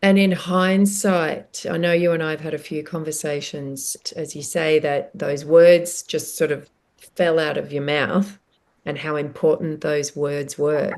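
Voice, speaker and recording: A woman hosting an interview podcast who responds gently and with empathy to her guest. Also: deep voice, flat delivery, unhurried. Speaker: podcast co-host. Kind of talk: conversational interview.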